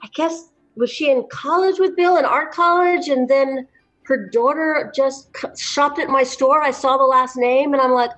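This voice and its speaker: A woman's voice: sits high, moderate pace, fairly bright tone, lo-fi sound. Chatty woman actor telling stories. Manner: chatty, many restarts and laughs. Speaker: actor guest. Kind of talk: casual interview chat.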